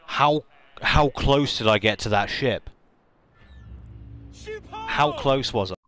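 A man giving excitable, self-mocking live commentary while he plays a video game. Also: mid-range voice, takes it slowly. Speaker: game streamer. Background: music.

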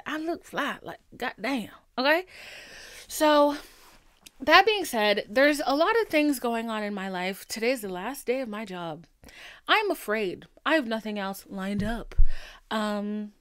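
A woman hosting her own podcast in a casual monologue aimed at her listeners. Her voice is smooth and clear, and the sound is close and dry, with no room around it. She talks candidly and playfully, swears freely, and slips now and then into soft, whispery asides. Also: mid-range voice, no room sound. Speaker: podcast host.

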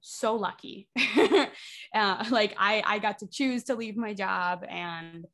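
A woman's voice: medium pitch, slow, a bit bright. A woman in her twenties, a theater artist talking as a podcast guest in a chatty way, leaning on lots of "like" fillers. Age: 20s. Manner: chatty, leans heavily on "like" fillers. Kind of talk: casual podcast conversation.

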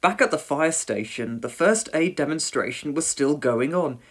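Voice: mid-range voice, normal speed, slightly rough. A reader narrating a children's storybook aloud and voicing every character. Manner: expressive, reads every character in a different voice.

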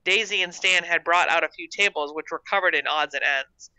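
An author reading their own short story aloud in a steady storytelling manner. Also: medium pitch, fairly quick, no echo. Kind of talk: storybook narration.

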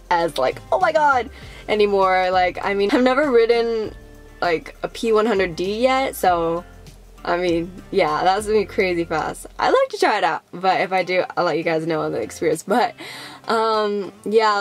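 A young woman vlogging casually to the camera, rambling with lots of fillers and acting out how people reacted. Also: medium pitch.

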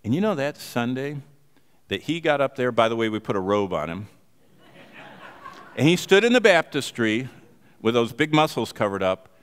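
A man preaching a sermon, telling a story with animated emphasis. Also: mid-range voice, moderate pace, pauses often, clean tone, in a large hall. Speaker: pastor.

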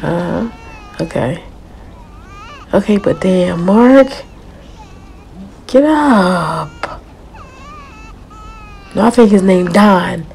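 A young woman with commentates her own gameplay in a loud, reactive way, exclaiming and laughing as she goes. Her voice has a gravelly fry, and she talks at an unhurried pace. A faint hiss of noise sits under the recording. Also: lowish voice, expressive, low-quality recording. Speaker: gaming channel host.

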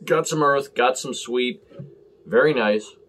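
A man's voice: mid-range voice, slow, a bit bright. A man talking casually and rambling as he reviews a beer on camera, full of fillers and self-deprecating asides.

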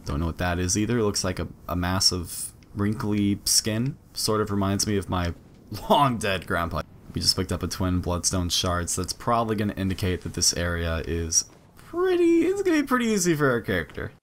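A young man giving casual, excitable commentary while playing a game, swearing and yelping during fights. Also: deep voice, normal speed, slight background noise. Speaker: gaming let's-play host.

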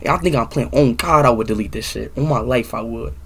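A young man livestreaming, ranting loudly with heavy swearing and repeating himself over and over. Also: medium pitch, fairly quick, creaky, noisy background. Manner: loud, profane, repetitive ranting. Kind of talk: angry livestream rant.

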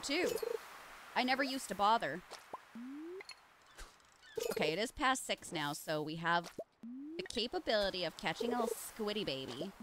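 A woman streaming live and chatting casually while she plays, playful and goofy with loud silly outbursts. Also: mid-range voice, noisy background.

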